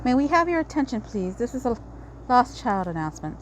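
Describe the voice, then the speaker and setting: A woman's voice: fairly high pitch, big pitch swings, a little fast, slight background noise, pitched above the performer's own voice, rough recording. A woman voicing a smug villain con man. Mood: mock-courteous. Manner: mock-courteous taunting announcer. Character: smug scheming male con-artist ringmaster. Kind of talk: reading game dialogue aloud.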